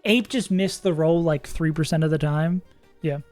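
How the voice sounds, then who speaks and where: A streamer in casual livestream commentary, thinking aloud about game strategy, chatty and quick to laugh. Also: medium pitch, darkish tone, dry recording, soft background music.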